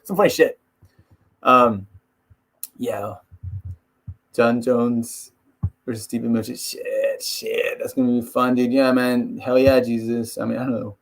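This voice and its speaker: A man hosting a fight-sports video, chatting casually in a rambling way, laughing often and dropping into quick impressions. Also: medium pitch, flat delivery, gravelly. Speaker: MMA video host.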